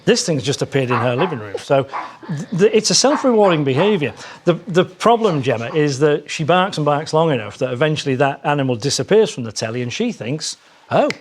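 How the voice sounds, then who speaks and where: A man's voice: on the high side, very animated, brisk, slight background noise. An English man, a dog trainer, patiently explaining dog behaviour in a TV studio chat. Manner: explains patiently, acts out dog owners' voices.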